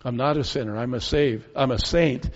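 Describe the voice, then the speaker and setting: A man's voice: mid-range voice, normal speed. A man preaching an expository sermon, earnest and reasoning, full of rhetorical questions. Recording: dull lo-fi sound with long hall reverb.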